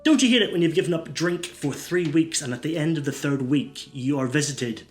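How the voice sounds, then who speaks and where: A man's voice: a little high, brisk, soft background music. A man doing stand-up one-liners, rambling and stumbling over his words. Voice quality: rambling, self-interrupting. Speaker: stand-up comedian.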